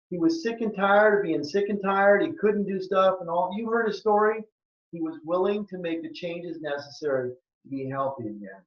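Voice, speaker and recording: A man's voice: sits high, lo-fi sound. Earnest man in his sixties, echoey. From southern Minnesota. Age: 60s. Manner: earnest, emphatic, repeats key phrases. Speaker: health and wellness practitioner presenting a webinar. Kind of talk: presentation with a sales pitch.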